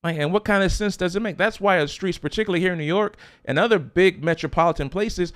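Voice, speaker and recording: Emphatic preaching man, fairly high voice. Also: fast, hardly any pauses. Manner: emphatic preaching with rhetorical questions and repetition. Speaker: pastor. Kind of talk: sermon.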